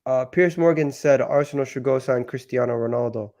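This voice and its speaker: A man hosting a casual football talk show, sounding sick and nasal, talking haltingly with many restarts. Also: mid-range voice, dark tone. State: sick, nasal and deeper than usual. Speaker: football channel host.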